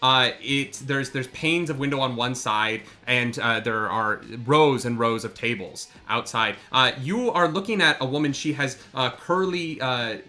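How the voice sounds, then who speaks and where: A man narrating as game master of a tabletop game, pausing often with fillers and restarts. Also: medium pitch, sharp tone. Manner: halting, many fillers and restarts.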